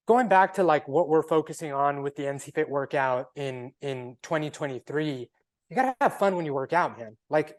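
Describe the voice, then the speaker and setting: A man co-hosting a casual podcast chat, laid-back but emphatic, peppering his talk with "like" and "man". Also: a little high. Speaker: podcast co-host.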